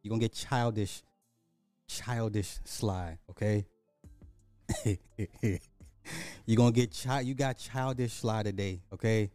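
A man hosting a live online radio show, sick, talking loosely with lots of repeats, bursts of excitement and swearing. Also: on the low side, moderate pace, clean tone, soft background music. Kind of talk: rambling live radio talk.

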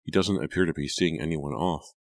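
A man voicing a grief-stricken young woman in an audiobook, raising his voice high and strained. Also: steady tone, brisk, dry recording. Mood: wondering. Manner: high, strained, near shrieking. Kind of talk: audiobook character voice.

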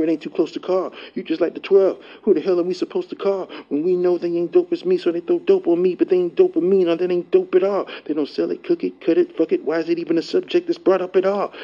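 Man, battle rap verse, aggressive cursing, fairly high pitch, dull lo-fi recording. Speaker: battle rapper.

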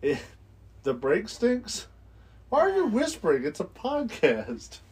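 A man co-hosts a casual podcast, joking around and stumbling over fillers as he talks. His voice is husky and his pitch moves in a lively way. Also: takes it slowly. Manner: joking, hesitant with many uh fillers. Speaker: podcast co-host.

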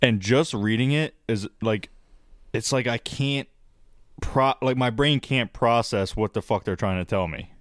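A man's voice: mid-range voice, unhurried, dry recording, clean studio sound. A man co-hosting a podcast, talking bluntly and swearing freely. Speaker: podcast co-host. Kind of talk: casual chat.

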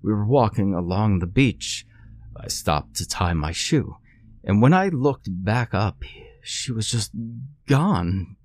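A frail, grief-stricken old man, pleading through sobs in a deep, slow voice, as a male narrator puts him on. Each line comes out halting and desperate, a fragile voice in a horror story. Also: big pitch swings, darkish tone, no room sound. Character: frantic frail elderly man, weeping, pleading.

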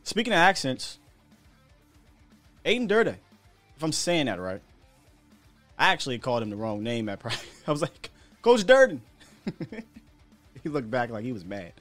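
A man's voice: medium pitch, sing-song, moderate pace, pauses often, a bit bright, no echo, soft background music. An American man hosting a sports podcast, talking in a chatty, candid way with slang and the odd chuckle. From United States. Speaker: podcast host. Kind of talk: casual sports talk commentary.

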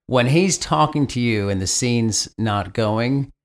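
Guy co-hosting a podcast, mid-pitch, curious, jumps in with quick questions. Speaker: podcast co-host. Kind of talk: casual podcast conversation.

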